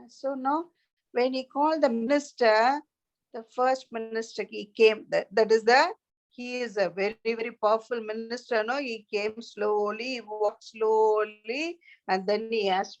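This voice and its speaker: Slow-paced storyteller woman. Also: fairly high pitch, steady tone. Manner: chatty, asks listeners questions. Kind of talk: reading a children's story aloud. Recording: dull lo-fi recording.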